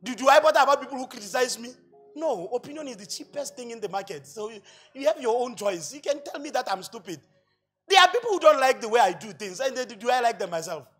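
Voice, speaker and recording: A male pastor with a Botswana accent preaching a sermon, asking rhetorical questions and building to loud shouts. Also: very high-pitched, husky. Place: church hall.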